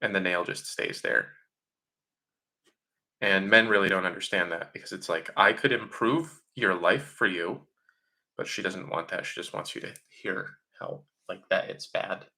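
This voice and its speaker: Bright-voiced opinionated man. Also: low-pitched, steady tone, moderate pace, vocal fry. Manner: opinionated, mocking voices in quotes, frequent fillers. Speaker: livestream host answering chat questions. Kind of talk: casual live Q&A monologue.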